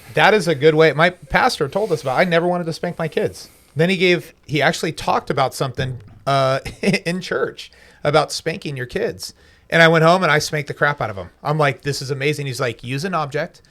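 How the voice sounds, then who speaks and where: A man's voice: fairly high pitch, fairly quick, fairly bright tone. A man on a podcast telling a personal story with emphasis and quoted dialogue. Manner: storytelling, emphatic, talks with his hands in quotes. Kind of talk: casual podcast conversation.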